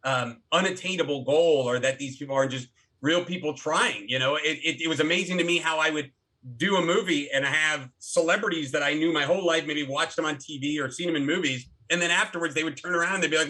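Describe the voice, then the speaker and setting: Animated, bright-voiced man telling stories. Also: a little high, fast. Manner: animated storyteller with many restarts. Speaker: guest, actor and filmmaker. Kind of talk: casual interview talk.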